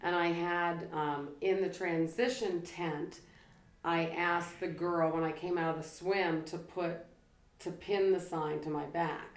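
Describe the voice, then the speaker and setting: A woman chatting casually as a co-host, talkative and quick to laugh. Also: on the low side, fairly even intonation. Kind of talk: casual chat. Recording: echoey room with faint ambience.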